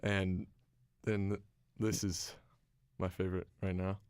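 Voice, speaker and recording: A man's voice: sits low, level tone, takes it slowly, a little mellow, clear, resonant tone. A man in a band, chatting loosely in a radio interview, with plenty of fillers. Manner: casual, loose, filler-heavy. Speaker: band musician guest. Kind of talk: casual radio interview chat.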